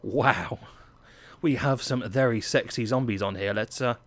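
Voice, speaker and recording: An English man with an English accent hosts a gaming channel, delivering chatty, playful gameplay commentary sprinkled with self-mocking asides. His mid-range voice has a fairly bright tone and a measured pace. A little hiss or hum sits under the recording.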